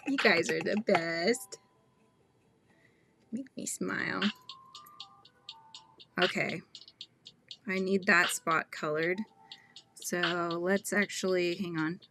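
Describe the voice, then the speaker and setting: A young adult woman hosting a casual painting livestream, chatty and laughing often, murmuring quietly to herself as she paints. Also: fairly low pitch, drawn-out words, vocal fry, long pauses, faint music behind. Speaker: art livestream host.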